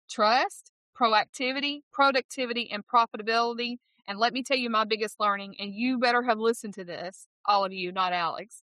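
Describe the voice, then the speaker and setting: A woman with a Southern accent and a bright, ringing voice, talking with high energy and lots of emphasis. She sounds fifty-ish and conducts an interview. The sound is dry and close. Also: no room sound. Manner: exuberant, emphatic, quick to laugh. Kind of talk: enthusiastic interview chat.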